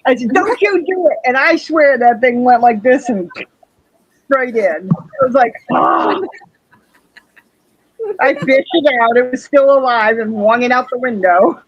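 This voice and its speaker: A woman from upstate New York co-hosting a livestream, telling lively stories in casual chat and acting out what people said. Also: fairly high pitch, normal speed, no room sound. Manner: animated storyteller, acts out quotes. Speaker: livestream co-host. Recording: dull lo-fi stream audio.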